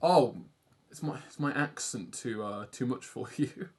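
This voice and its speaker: A man's voice: mid-range voice, lively intonation, measured pace. A young British man from the UK chatting casually on a live stream, rambling and self-deprecating, reading chat aloud and swearing offhand.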